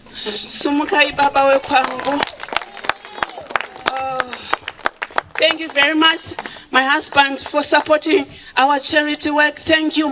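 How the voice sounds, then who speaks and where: A woman speaks at a charity event in a high, bright voice. She takes her time, slipping between English and Shona and thanking people with open emotion. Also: slight background noise, rough recording. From Zimbabwe. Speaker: charity founder giving a speech. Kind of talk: public speech at an event.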